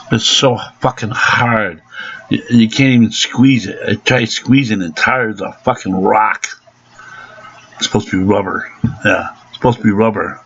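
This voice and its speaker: A man's voice: lowish voice, a little hiss or hum. Angry man ranting, lo-fi sound. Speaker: angry car owner. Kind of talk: ranting vlog. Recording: dull lo-fi recording.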